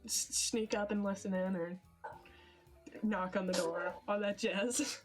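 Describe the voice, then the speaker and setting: A woman's voice: mid-range voice, steady tone, measured pace. Giggly young woman running a tabletop game. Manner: hesitant with frequent fillers, giggly. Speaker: game master. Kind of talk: narrating a tabletop game on a livestream. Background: background music.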